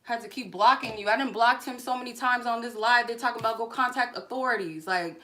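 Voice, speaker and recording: A woman's voice: on the high side, a little fast, hardly any pauses, bright, forceful tone. A woman who hosts a tarot reading channel, angrily cursing at a viewer during a live stream in a confrontational, profane rant. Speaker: tarot card reader and channel host. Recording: clear background noise.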